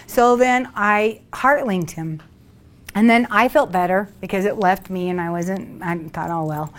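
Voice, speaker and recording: A woman's voice: medium pitch, a little slow. A woman leading a workshop, telling chatty stories to a group and acting out her own past words with laughs. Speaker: workshop leader. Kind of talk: storytelling talk to a group.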